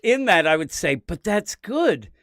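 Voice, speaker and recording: A man chatting about comics on a podcast, animated and rambling with a voice that rises and falls a lot. He sits a little above the usual male pitch. His voice sounds dry and close. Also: no room sound. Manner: animated, rambling, quick to laugh. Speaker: podcast co-host. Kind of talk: casual comic review chat.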